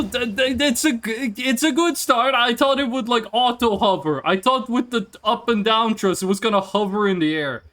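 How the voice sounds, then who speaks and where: A man streaming a game live into a desk mic, talking in a high, very lively voice. He rambles, jokes and swears casually as he figures things out. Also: moderate pace. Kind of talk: live gameplay commentary.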